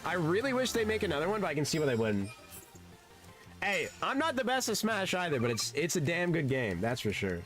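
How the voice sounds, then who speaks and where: A man's voice: a little high, wildly swooping pitch, brisk, fairly bright tone, soft background music. A man streaming a game and chatting casually, rambling and laid-back, often saying "dude" and swearing. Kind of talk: casual gaming stream chat.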